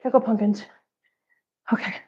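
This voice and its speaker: A woman's voice: moderate pace, a little mellow. Lady vlogging while she cleans, winded, chatty, coos at her cats, kinda dull lo-fi sound. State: overheated and out of breath. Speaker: cat channel vlogger. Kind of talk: unscripted live-stream chat while cleaning.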